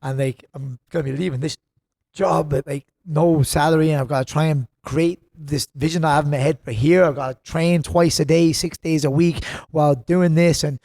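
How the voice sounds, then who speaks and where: A man's voice: a little high, steady tone, moderate pace, vocal fry, a little mellow, no room sound. Chatty Irish man, dry close sound. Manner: chatty, rambling storyteller. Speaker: podcast guest, gym co-owner. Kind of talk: casual podcast chat.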